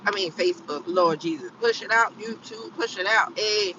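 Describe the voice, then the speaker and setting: A woman's voice: medium pitch, normal speed, sharp tone, recorded from a distance, highs cut off, a little hiss or hum. A tired woman in her fifties, live-streaming from her car on the way to work and chatting casually as she repeats her phrases over and over. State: tired and yawning. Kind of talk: casual live-stream chat while driving. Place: inside a car on the road.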